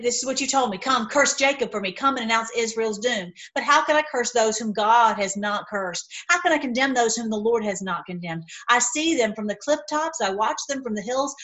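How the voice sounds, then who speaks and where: An online Bible teacher, a woman with a fairly high, slightly bright voice, reads scripture aloud and keeps breaking into fervent, rambling commentary, saying "y'all." The audio quality is poor.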